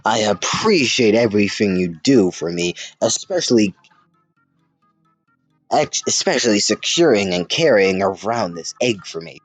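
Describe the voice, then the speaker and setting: A prim, gushing British lady builder, put on by a man speaks in a husky, low, dry voice. She is formal and doting and keeps calling someone her fine gentleman. The sound is muffled and lo-fi. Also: very animated, unhurried, no room sound, soft background music.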